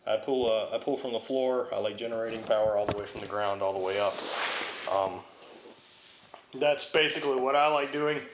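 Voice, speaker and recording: A young man answering viewer questions about Highland Games throwing and training in a blunt, offhand way with casual swearing. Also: fairly quick, roomy sound, background noise. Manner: blunt, profane, offhand, reads questions aloud then answers. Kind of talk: casual Q&A vlog.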